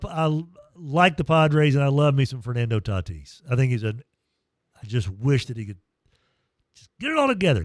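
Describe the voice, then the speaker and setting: A man hosting a morning sports radio show, telling stories in a lively, emotional, self-deprecating way into a studio mic. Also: mid-range voice, dry recording. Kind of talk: casual morning radio chat.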